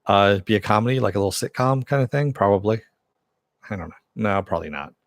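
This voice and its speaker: Rambling low-voiced man hosting a live chat. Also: animated, quick pace, no room sound, studio quality. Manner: rambling, self-deprecating, chuckles often. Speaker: live stream host. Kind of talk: casual live-stream chat reading comments.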